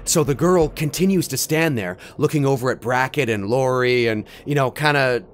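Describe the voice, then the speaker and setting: A man's voice: medium pitch, moderate pace, slight background noise. A man casually talking through a film sequel idea, rambling with many restarts and frequent "right?" tags. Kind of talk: casual verbal walk-through.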